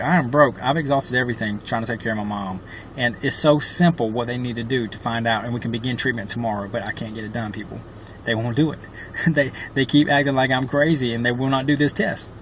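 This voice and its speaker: A man's voice: medium pitch, fairly bright tone, slight background noise. Impassioned frustrated man venting. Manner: impassioned, frustrated, often pausing on fillers. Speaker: vlogger advocating for his mother. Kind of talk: direct-to-camera personal vlog.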